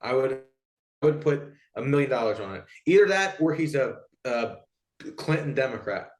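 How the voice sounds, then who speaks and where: A man's voice: medium pitch, lively intonation, normal speed, reverberant. A man co-hosting a podcast who tells stories in a rambling way, with lots of fillers and swearing. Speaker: podcast co-host. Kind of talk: casual chat, storytelling.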